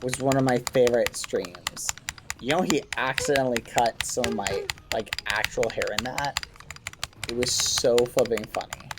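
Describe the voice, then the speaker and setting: A livestreamer at his home gaming station talks casually to viewers as he plays, substituting mild exclamations for swear words. He speaks at a normal speed with a medium pitch. There's heavy background noise, plus typing and keyboard clicks.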